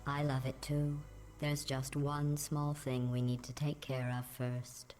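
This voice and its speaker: A woman voicing a cold, sarcastic female computer AI with a robotic filter, speaking slowly and mockingly in a flat tone, heard as noisy game audio. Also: rumbling low. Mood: menacing. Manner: slow, flat, mocking delivery.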